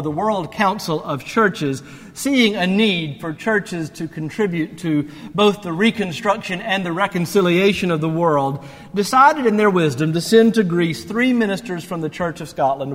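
A man's voice: high voice, a little slow, long reverb tail. A man preaching a sermon in a conversational, reflective way, rising to emphatic peaks. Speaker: pastor.

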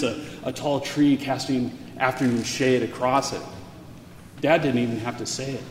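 A man recounts a personal story in an earnest, halting way, stumbling over and repeating words. His voice sits in the middle range. It rings with a long reverberant echo and a faint ambient hum behind it. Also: medium pitch. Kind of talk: personal story told aloud. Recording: echoey hall with faint ambience.

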